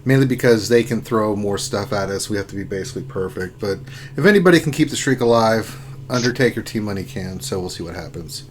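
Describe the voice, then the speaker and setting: A man's voice: lowish voice, animated, quick pace, slight background noise. Playful, teasing male stream co-host. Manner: teasing and playful, laughs often. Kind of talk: casual livestream chat.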